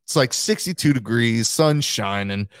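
A man's voice: medium pitch, animated, unhurried, fairly bright tone, clear, resonant tone, no room sound, clean studio sound. A man co-hosting a podcast, telling a profane, laid-back story in casual chat. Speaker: podcast co-host.

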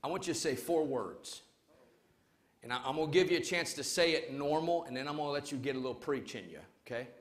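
A male pastor preaching a sermon to his congregation, emphatic, swinging between loud calls and quiet urging. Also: a little high, fast. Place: church service before a congregation.

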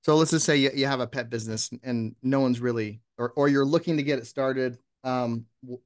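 A man talking as a guest in a casual interview, lively and often acting out example posts. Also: medium pitch, a little fast. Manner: animated, acts out sample posts in voices. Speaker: podcast guest.

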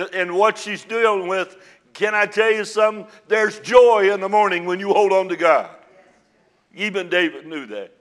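A man preaching a sermon as pastor, dropping to a hush and then rising to loud, fervent peaks. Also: high-pitched. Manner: swings from hushed to loud and fervent.

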